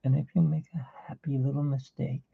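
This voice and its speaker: A man putting on a soft, gentle TV painting teacher, in tinny phone-like livestream audio. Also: medium pitch, flat delivery, a little fast, gravelly, breathy edge. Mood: mock-soothing.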